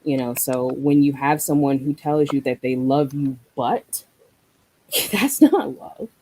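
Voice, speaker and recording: A guest poet performing spoken-word poetry with a deliberate, rhythmic delivery, then talking reflectively. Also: medium pitch, expressive, a little mellow, slight background noise, low-quality recording.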